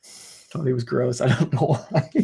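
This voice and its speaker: A man's voice: a little high, vocal fry, warm tone, breathy edge. A man in his thirties hosting a casual chat, rambling and swearing, laughing through his own stories. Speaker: channel host.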